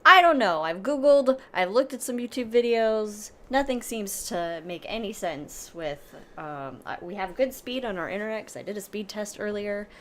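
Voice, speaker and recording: A woman's voice: medium pitch, expressive, normal speed, hardly any pauses, fairly bright tone, slight background noise. A woman co-hosting a live podcast stream, chatting casually and animatedly with loose trailing asides. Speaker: podcast co-host.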